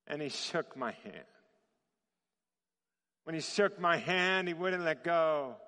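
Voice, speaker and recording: A man preaching a sermon, telling a story and acting out the dialogue with laughter. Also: high-pitched. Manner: animated, acts out dialogue with laughter. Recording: long reverb of a large hall.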